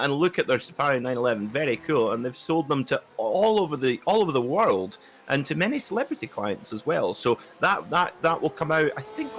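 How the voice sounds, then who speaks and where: A man co-commentating a sim race, relaxed and chatty, telling anecdotes between the action. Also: mid-range voice. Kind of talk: live sim racing commentary.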